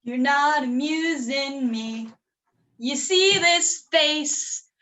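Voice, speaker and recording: A woman's voice: high-pitched, drawn-out words, pushed and bright, heavily acted. A woman playing a sulky, melodramatic pizza cook in a sixties lounge improv scene, singing now and then. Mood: dramatic. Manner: drawling, dramatic, breaks into song. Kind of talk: online improv comedy.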